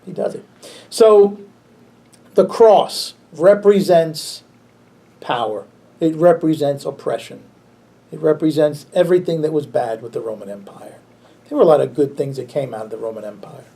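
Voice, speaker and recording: A pastor leads a church Bible class in a relaxed, conversational way at normal speed, chuckling often and frequently restarting his sentences. His fairly high voice is full of gravelly fry, and his tone remains dark and mellow.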